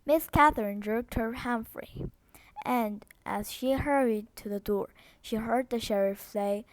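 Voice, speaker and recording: A woman's voice: a little high, a little slow, no echo. A woman with Korean as her first language reading a novel aloud, steadily, with small slips and restarts. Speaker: book reader.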